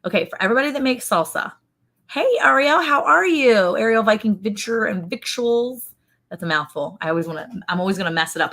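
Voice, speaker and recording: A woman's voice: mid-range voice, fairly bright tone. A middle-aged woman, chatting casually and laughing as co-host of a homestead livestream, greeting viewers by name.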